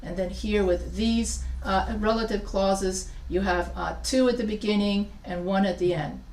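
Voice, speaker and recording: A woman's voice: medium pitch, unhurried, a little mellow. A woman teaching a writing class, talking casually with many restarts and often checking in with her students. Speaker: writing instructor. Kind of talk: live class lecture. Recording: echoey room, voice from far off.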